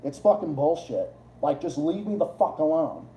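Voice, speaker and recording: This livestream host plays a game while ranting at normal speed, loose, profane and full of repeats and restarts. His mellow, dark voice turns excitable, jumping high in pitch when heated. The audio is roomy and echoey with slight background noise.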